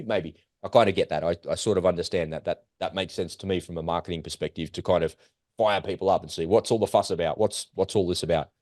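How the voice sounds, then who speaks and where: A man's voice: lowish voice, a little mellow, no room sound, studio quality. A man, co-hosting a podcast in heated, emphatic casual talk. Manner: heated, emphatic, acts out quoted voices. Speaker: podcast co-host. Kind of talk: casual conversation.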